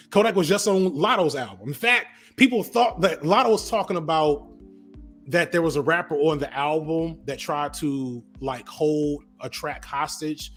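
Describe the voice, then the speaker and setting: A man talking casually as a podcast guest, shifting between loud emphatic bursts and quiet, drawn-out musing. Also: fairly high pitch.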